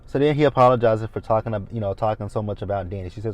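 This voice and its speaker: A man's voice: fairly low pitch, rapid-fire, a little mellow, dull audio. A man in his thirties recapping a TV episode in a casual, blunt and opinionated way. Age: 30s. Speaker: TV recap host.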